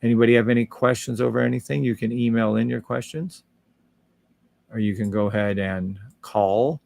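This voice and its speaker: A man's voice: mid-range voice, steady tone, moderate pace, creaky, darkish tone, no echo. A man hosting a live trading stream, walking viewers through charts in a casual, upbeat and salesy way, humming little tunes as he scrolls and reading out viewer comments. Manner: hums and scats while scrolling charts.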